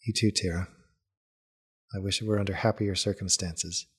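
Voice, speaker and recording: Man doing a quiet, dutiful brother for a tabletop game, low-key and serious. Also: steady tone, breathy edge. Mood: earnest. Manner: solemn, subdued and measured.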